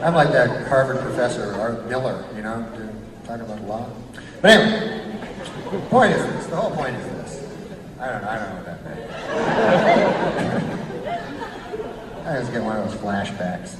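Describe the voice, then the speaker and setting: A man's voice: mid-range voice, wildly swooping pitch, moderate pace, pauses often, very noisy. Guy doing standup, swears a lot, giggles at his own bits, voice bouncing all over, echoey club taped from way back, crowd roaring. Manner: rambling, profane, laughing at his own jokes. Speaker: stand-up comedian. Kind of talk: stand-up set. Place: comedy club stage before a live audience. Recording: echoey live room from far off with loud crowd.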